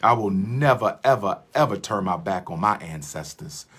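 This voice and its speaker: A man's voice: fairly low pitch, expressive, normal speed, fairly bright tone, slightly rough. A man giving an impassioned livestream lecture, repeating his lines for emphasis in a preacher-like way. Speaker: livestream host.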